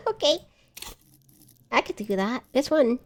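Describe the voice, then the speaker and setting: A woman's voice: high voice, slight background noise. A woman streaming a video game live, chatting casually and mocking herself as she gets lost. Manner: chatty, self-mocking, exclamatory. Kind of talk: casual live gameplay chat.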